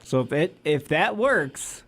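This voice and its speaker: A man's voice: fairly high pitch, expressive, slow pace, fairly bright tone. A man co-hosting a community radio show, chatting casually and rambling, laughing often and slipping into quoted voices. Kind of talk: casual on-air banter.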